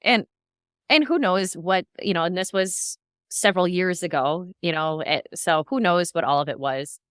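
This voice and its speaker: Low-voiced woman co-hosting a podcast. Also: moderate pace, smooth, no room sound, clean studio sound. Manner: rambling, recounts notes at length. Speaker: podcast co-host. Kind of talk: casual podcast chat.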